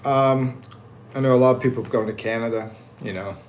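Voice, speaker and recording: A man's voice: medium pitch, brisk, a little hiss or hum. Laid-back American man chatting on a livestream. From United States. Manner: laid-back, chuckling, reads comments aloud with animated voices. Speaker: livestream host reading chat. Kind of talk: casual livestream chat. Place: at home in the Philippines.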